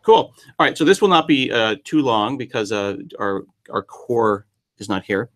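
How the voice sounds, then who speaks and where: A man's voice: medium pitch, animated, normal speed, a bit bright. A man hosting a casual live-stream chat, joking and rambling in a self-deprecating way. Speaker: host.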